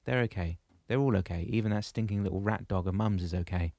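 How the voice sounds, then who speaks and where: A wisecracking brother who teases even after a disaster, voiced by a male audiobook narrator. He talks wryly in a low register. The recording is dry and close. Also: quick pace, no room sound. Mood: relieved. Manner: teasing, wry. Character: battered joking brother, wisecracking.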